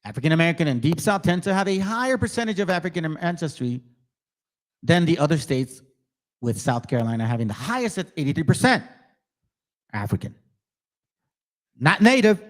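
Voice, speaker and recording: Pausing often, a man with a slightly high, very animated voice talks fairly quickly as he hosts his own channel. His religious commentary is aggressive, mocking and confronting the audience directly while he reads passages aloud between remarks.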